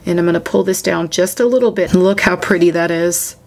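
A woman's voice: fairly low pitch, brisk, gravelly, a little mellow. A woman hosting a coloring tutorial, chatting through each step as she works and gushing over the results. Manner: gushing, chatty, talks while working. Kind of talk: casual step-by-step demonstration.

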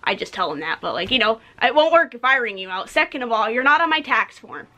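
A young woman vents in a casual vlog, blunt and exasperated, with a lot of "like" and the odd swear word. Her voice sits a little high and sounds bright and sharp. She is a cashier complaining about customers. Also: very animated, fast talker. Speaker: vlogger, retail cashier.

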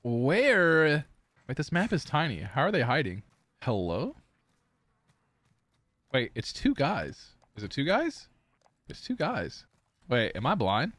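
A young man streaming a shooter game, giving live gameplay commentary with playful taunts and sudden excited yells. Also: a little high, slow pace, long pauses, dry recording. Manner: excitable, taunting banter with bursts of yelling. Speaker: gaming streamer.

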